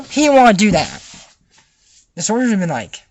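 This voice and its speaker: A man's voice: sits high, huge pitch swings, normal speed, pauses often, darkish tone. A young man giving a sarcastic, comedic recap of a cartoon episode and acting out the characters' lines.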